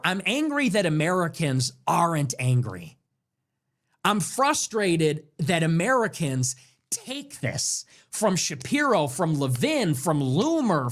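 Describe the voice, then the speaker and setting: Angry man ranting in a lively voice. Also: sits high. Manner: angry, preachy, repetitive emphatic phrasing. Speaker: political livestream host. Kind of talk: impassioned political monologue.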